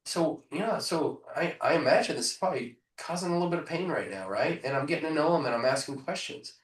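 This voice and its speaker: A man coaching real estate agents in a live training, punchy and energetic, often asking rhetorical questions over a video call. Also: fairly high pitch, fast. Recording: echoey room, voice far from mic.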